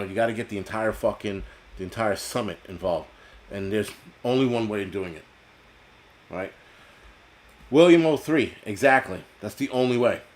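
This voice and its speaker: A man from the United States hosting a live stream, ranting bluntly and profanely as he answers chat. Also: lowish voice. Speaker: host.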